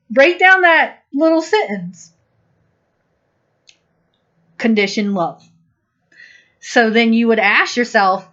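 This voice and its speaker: A woman giving a channeled spiritual talk, speaking slowly, gently and deliberately, and acting out small quoted exchanges. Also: on the high side, animated. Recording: dull lo-fi recording.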